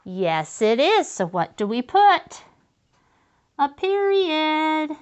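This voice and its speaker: A woman teaching young children to write sentences, sounding out letters slowly and praising them. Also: medium pitch, very animated, clear, resonant tone. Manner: slow and encouraging, sounding out letters. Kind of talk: early-grade writing lesson to children.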